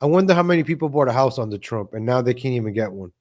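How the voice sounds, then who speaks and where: A man's voice: medium pitch, animated, rapid-fire. A man hosting a live stream, reacting to clips with mocking, sarcastic commentary and repeating himself.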